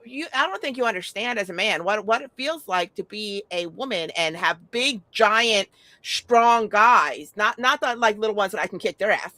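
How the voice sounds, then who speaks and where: A woman's voice: medium pitch, expressive, normal speed, sharp tone, no room sound. A middle-aged woman talking in a casual chat, telling stories bluntly and animatedly, with frequent swearing.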